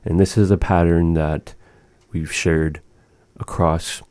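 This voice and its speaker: A man's voice: deep voice, flat delivery, takes it slowly, a little mellow, no room sound. A man teaching words and phrases of a language, patiently explaining grammar to a learner.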